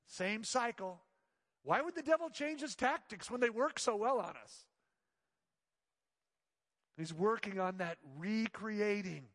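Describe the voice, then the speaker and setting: A man preaching a sermon as pastor, swinging between loud emphatic lines and hushed soft ones. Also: very high-pitched, in a large hall.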